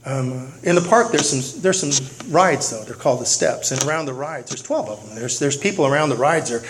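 A man's voice: mid-range voice, animated, normal speed, slight background noise, low-quality recording. A man speaking at a recovery meeting, telling a humorous, self-deprecating story to the room.

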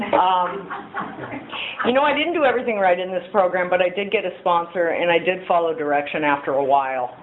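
A woman's voice: on the low side, fairly quick. A middle-aged woman speaking at a recovery meeting, candid and storytelling. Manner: candid, storytelling, acts out quoted voices. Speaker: AA speaker sharing her story. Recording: tinny phone-like audio with faint hiss.

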